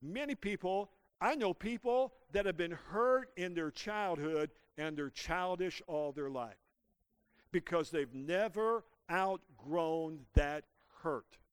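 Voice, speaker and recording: A man's voice: high voice, takes it slowly, clean tone, no room sound. A man preaching a sermon as pastor, calling out to the congregation and asking them to repeat after him. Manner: preaching with call-and-response to the congregation. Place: church.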